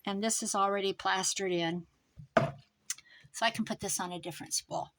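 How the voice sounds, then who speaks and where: A woman talking casually and rambling off topic as she works on a craft project, her voice trailing off quieter at times. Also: medium pitch, steady tone, normal speed, heavy background noise. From American Midwest. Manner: rambling, thinks aloud while working, drifts quieter. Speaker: craft vlogger. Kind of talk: chatty crafting monologue.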